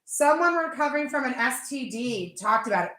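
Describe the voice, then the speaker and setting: Woman, high bright voice, lively up-and-down pitch, chatty livestream host, echoey room. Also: normal speed, slight background noise. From Pennsylvania. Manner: chatty, laughing, drinking. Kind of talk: casual chat with live viewers.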